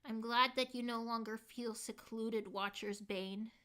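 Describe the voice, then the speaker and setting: A woman's voice: fairly high pitch, fairly even intonation, a little slow, bright, forceful tone. A woman streamer in casual live chat, reading her viewers' comments aloud and answering them earnestly, saying "like" a lot. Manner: earnest, heartfelt.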